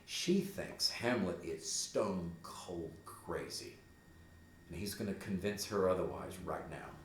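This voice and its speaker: A man's voice: sits low, takes it slowly, slight background noise. A man teaching a class, reading a play aloud and explaining it in a conversational way. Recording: roomy echo.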